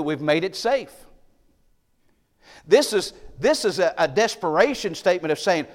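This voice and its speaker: A man preaching a sermon, moving between loud, emphatic declarations and hushed, quiet passages. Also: a little high, animated, normal speed. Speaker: pastor. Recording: long hall reverb.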